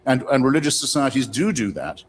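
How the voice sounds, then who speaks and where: A man's voice: medium pitch, lively intonation, a little fast, slight background noise. A man speaking eloquently and measuredly in a formal public debate, answering a question. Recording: reverberant debate hall.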